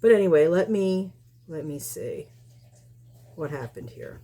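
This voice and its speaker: A woman's voice: sits low, sing-song, unhurried, warm tone. A woman giving casual commentary on her channel, combative and rambling, with many restarts. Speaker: YouTube commentator.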